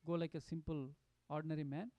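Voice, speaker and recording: A man giving a devotional storytelling talk at a satsang, animated and full of fillers and restarts. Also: on the high side, quick pace, no room sound. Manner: animated, acts out quotes, many fillers and restarts. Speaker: satsang speaker.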